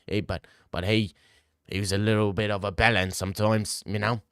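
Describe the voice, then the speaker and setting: A man's voice: on the low side, level tone, normal speed, clean tone, dry recording, studio quality, close to an everyday voice. A man voicing a boastful, joking South African man in a put-on South African accent, rambling and mocking.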